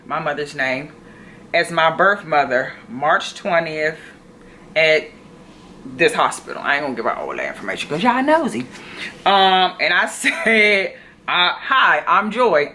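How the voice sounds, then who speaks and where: Lady in her 30s talking to her phone cam, chatty, says y'all a lot, bright tone. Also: low-pitched, slight background noise. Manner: chatty, animated, addresses viewers as y'all. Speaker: vlogger. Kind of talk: casual storytelling to camera. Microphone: phone camera.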